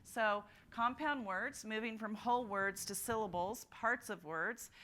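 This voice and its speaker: A woman's voice: a little high, unhurried, few pauses, fairly bright tone. A woman presenting at a teachers' literacy conference, working through examples and modeling sounds and words aloud for the audience. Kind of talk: teaching workshop talk. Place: conference room.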